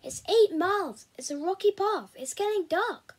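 A woman's voice: a little high, animated, normal speed, slightly rough. A woman voicing a tough, sarcastic teenage girl who grumbles and snaps. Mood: exasperated. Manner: sharp, sarcastic.

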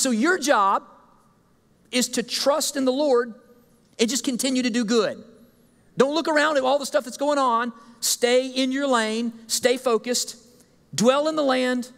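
A man with a high voice preaches with animated, joking energy and acts out the complaints of his congregation. His voice rings out with a long reverb across a church sanctuary. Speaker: guest speaker. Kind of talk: sermon.

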